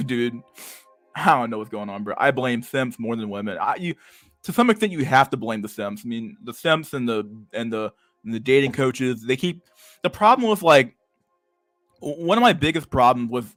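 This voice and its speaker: A young man hosting a livestream, ranting casually with heavy swearing and loud bursts of laughter. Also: mid-range voice, moderate pace, dry recording, faint music behind. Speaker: livestream host.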